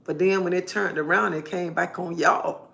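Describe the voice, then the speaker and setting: A woman's voice: on the low side, fairly even intonation, moderate pace, gravelly, a bit bright. A woman live streamer giving an emphatic personal testimony, repeating phrases in a preacherly way.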